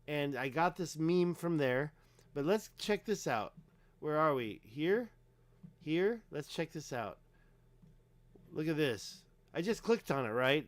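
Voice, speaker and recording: A man hosts a casual livestream, talking emphatically and rambling with plenty of fillers while he clicks through pages. His voice is a little high, with no room sound.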